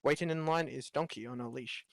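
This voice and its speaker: A man's voice: medium pitch, fairly quick, gravelly. Young man reading a story aloud to friends. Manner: reads with joking asides and laughs, half-hearted character voices. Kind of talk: casual reading aloud in voice chat.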